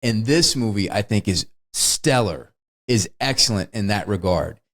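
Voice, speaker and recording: His voice is lowish and a bit bright, with lively intonation and a slightly slow delivery. Co-hosting a podcast, he chats casually and enthusiastically about a film, laughing mid-story often.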